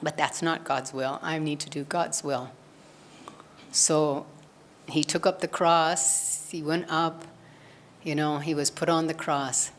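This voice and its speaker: A woman's voice: deep voice, steady tone, slow pace, slight background noise. A woman giving a spiritual satsang talk, earnestly retelling a gospel story and acting out the quoted lines. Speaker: satsang speaker.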